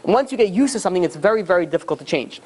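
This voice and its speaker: Male rabbi, rapid emphatic sermon delivery, animated storyteller. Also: high voice.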